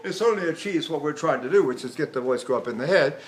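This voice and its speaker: An older voice teacher lectures on vocal technique in a rambling, demonstrative way, often stopping to show sounds and exercises. His speaking voice is notably high for a man, and he talks expressively at a quick pace.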